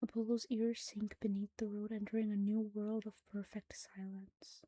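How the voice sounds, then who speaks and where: Hushed woman reading a horror story. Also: mid-range voice, flat delivery, moderate pace, no room sound. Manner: hushed, often whispering. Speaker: narrator.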